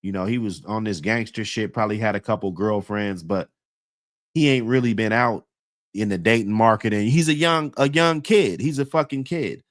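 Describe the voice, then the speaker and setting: A man's voice: lowish voice, normal speed, no echo, studio quality. A man casually telling a long story in heavy slang, rambling with many fillers and laughing often as he talks.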